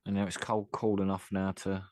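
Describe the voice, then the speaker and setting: Guy with a lowish voice, rambly, dry mic. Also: completely flat delivery, brisk, a little mellow, no room sound. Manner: rambling, repeats words. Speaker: podcast co-host. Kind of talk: casual chat.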